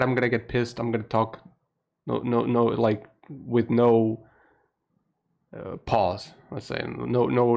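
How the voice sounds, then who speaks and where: His voice is gravelly: a young Portuguese man, accent and all, chatting low-voiced on a late-night live stream from a room at home. He laughs often and curses casually.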